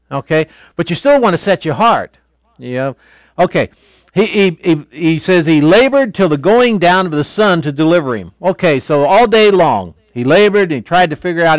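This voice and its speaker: Folksy pastor teaching scripture. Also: male voice, a little high, expressive, moderate pace, dry recording. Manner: folksy, explanatory, swings between loud and quiet. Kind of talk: Bible teaching. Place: Bible school classroom.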